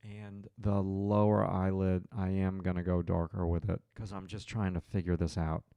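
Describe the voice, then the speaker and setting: A man's voice: low-pitched, little pitch movement, normal speed, vocal fry, smooth, no room sound, highs cut off. A man hosting a live drawing stream, thinking aloud as he draws and chatting with viewers in his chat.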